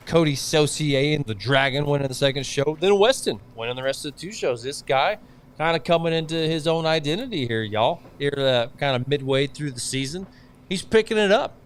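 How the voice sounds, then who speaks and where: A man hosting a casual motorsport chat show, giving blunt opinions in a drawling, easygoing way. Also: medium pitch. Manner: opinionated, drawling, says y'all. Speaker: show host.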